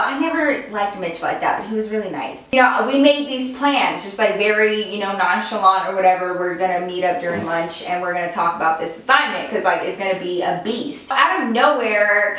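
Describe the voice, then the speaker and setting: A woman's voice: mid-range voice, a little fast, few pauses, sharp tone. Chatty woman in a very echoey room. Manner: chatty, lots of filler "like", casual swearing. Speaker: vlogger. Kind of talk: casual storytelling. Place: home office. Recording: very echoey room, voice far from mic.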